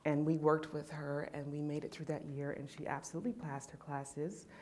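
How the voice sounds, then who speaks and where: A woman's voice: low-pitched, flat delivery, normal speed, darkish tone, slight background noise. A woman from California speaking on a panel, telling an emotional personal service story in a heartfelt way.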